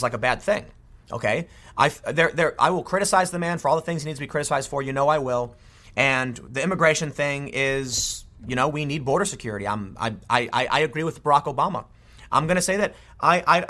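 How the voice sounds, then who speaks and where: A man's voice: fairly high pitch, sharp tone. A man giving an opinionated commentary monologue, emphatic and often restarting his sentences. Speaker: political commentator.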